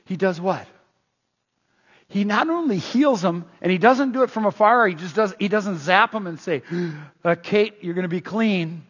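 A man's voice: high-pitched, moderate pace, slightly rough. A male preacher giving a sermon, telling stories animatedly and often stumbling over repeated words. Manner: animated storytelling, acts out scenes, frequent stammered restarts. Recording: muffled, long hall reverb.

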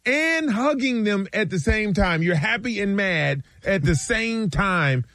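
A man co-hosts a sports talk show in a dry studio, his voice sitting a little high. His pitch swings widely as he tells stories and acts out what his friends said. The sound is close and dry, with no room echo. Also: measured pace. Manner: animated storytelling, acts out friends' lines.

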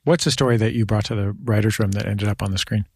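A man hosting a radio interview, asking relaxed, curious questions. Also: lowish voice, quick pace, a little hiss or hum. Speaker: interview host.

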